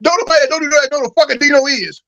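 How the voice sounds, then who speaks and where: A man with a very high, bright and sharp voice rants in exasperation, swearing constantly. He joins a livestream debate over a video call. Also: very fast, highs cut off. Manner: profane, exasperated ranting. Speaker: guest on livestream. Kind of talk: heated casual debate.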